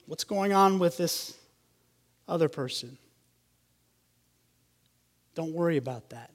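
A pastor preaches to his congregation in a steady, explanatory manner. His voice sits a little high for a man. He slows down and lands firmly on the key phrases. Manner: measured expository preaching, slowing for emphasis. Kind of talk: sermon.

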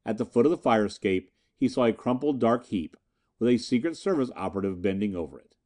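Brief: male storyteller for a pulp audiobook, warm and expressive. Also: mid-range voice, quick pace. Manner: lively storytelling. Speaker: narrator. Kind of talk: audiobook reading of pulp fiction.

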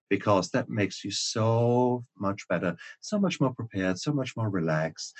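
A man's voice: lowish voice, big pitch swings, measured pace, slightly rough. A man who is an author and guest on a podcast, talking emphatically with frequent restarts. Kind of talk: podcast conversation.

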